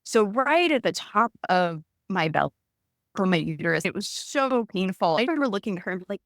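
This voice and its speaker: A woman's voice: medium pitch, fairly quick. A woman in her thirties tells her story with animation, slipping into quoted voices as she goes. Her voice sits in the middle of the range for a woman. The sound is dry and close, with little room echo. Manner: animated, acts out quoted dialogue. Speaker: guest recounting her birth. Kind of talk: conversational storytelling.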